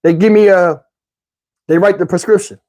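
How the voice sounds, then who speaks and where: A man telling a wild personal story in a casual, animated, slangy way, swearing freely. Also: high-pitched, normal speed.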